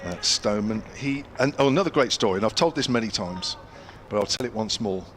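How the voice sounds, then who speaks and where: A man's voice: fairly low pitch, animated, fairly quick, fairly bright tone, slight background noise. An older English man commentating on cricket ball by ball, a former county player telling anecdotes between deliveries with a chatty storyteller's manner.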